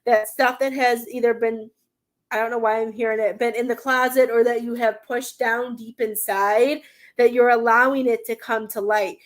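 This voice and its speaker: A woman's voice: on the high side, steady tone, normal speed. A young adult woman giving a live tarot reading, earnest and rambling, often close to tears, with many fillers. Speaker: tarot card reader.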